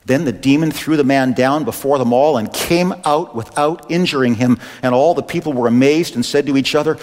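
A man's voice: mid-range voice, fairly quick, hardly any pauses, darkish tone. A male pastor preaching an impassioned sermon and reading scripture aloud. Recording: echoey hall reverb.

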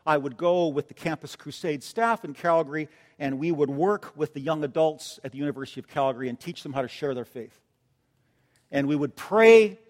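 A man with a notably high voice preaches to his church, telling a story. He pushes some phrases out loudly and drops others to a gentle hush. His words ring out in a long, echoing church reverb. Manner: storytelling, swings between loud emphasis and soft tender asides. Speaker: pastor. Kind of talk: sermon. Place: church sanctuary.

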